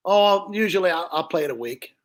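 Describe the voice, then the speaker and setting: A man, a ventriloquist guest, telling show-business stories in an animated, chatty way. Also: high-pitched, a little fast, noisy background. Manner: animated storyteller, chuckling at old jokes. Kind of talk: casual interview chat.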